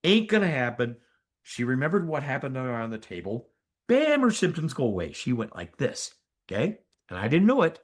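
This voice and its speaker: Animated older man telling a story. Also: mid-range voice, fairly quick. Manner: animated, emphatic storyteller with asides. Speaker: physician and energy healer, podcast guest. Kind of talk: conversational storytelling in an interview.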